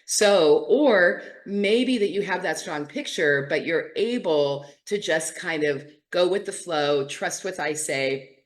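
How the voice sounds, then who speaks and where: A middle-aged woman hosts a casual teaching talk in a somewhat low voice. She talks in an animated, lively way and jumps into playful quoted asides as she tells her story. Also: takes it slowly, hardly any pauses. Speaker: host.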